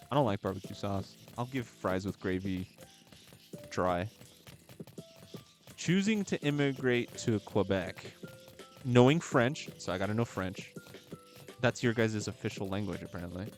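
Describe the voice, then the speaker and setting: A man's voice: fairly low pitch, vocal fry. A man from the United States chatting casually while streaming a game, joking around and fumbling as he reads aloud. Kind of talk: casual chat while gaming. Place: at home, gaming live. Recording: music playing faintly behind.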